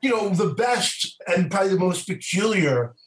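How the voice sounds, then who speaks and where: A man from New York, a comedian, spins his road stories with animated energy. His voice sits fairly high for a man, and the room gives it a noticeable echo. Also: moderate pace. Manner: animated, lively storyteller. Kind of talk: storytelling in an interview. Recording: roomy echo.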